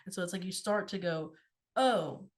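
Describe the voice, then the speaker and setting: A woman's voice: lowish voice, fairly even intonation, fast. A woman co-hosting a podcast, talking casually about feelings with lots of fillers and the odd swear word. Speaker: podcast co-host. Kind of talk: casual spiritual chat.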